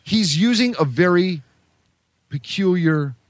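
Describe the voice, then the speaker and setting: Podcast guy laying out his take calmly, voice moves around a lot, dry mic. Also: high-pitched, takes it slowly, dry recording. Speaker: podcast co-host. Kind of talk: casual podcast discussion.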